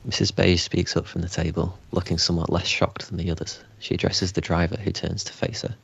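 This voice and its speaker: A man reading stage directions aloud at a live script read, steady and dry. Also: low voice, brisk, gravelly, husky, lo-fi sound. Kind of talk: script table read narration.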